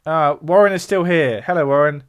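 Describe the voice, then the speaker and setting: Clear and resonant, his voice is on the high side and moves at normal speed. He's a man from the south of England, southern English accent, hosting a music livestream where he casually explains things and responds to viewer chat between points.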